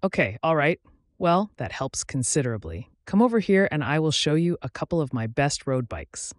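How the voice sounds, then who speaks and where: A man reading the part of a friendly, talkative older motorcycle salesman in a story, with an easy sales-pitch manner. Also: big pitch swings, moderate pace, no room sound, clean studio sound. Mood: chatty.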